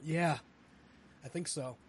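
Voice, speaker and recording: A man's voice: a little high, slow pace, husky. Man groaning through a burning chip. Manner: groaning and swearing through a spicy chip challenge. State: in pain from burning spice. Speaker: podcast host. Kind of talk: casual chat.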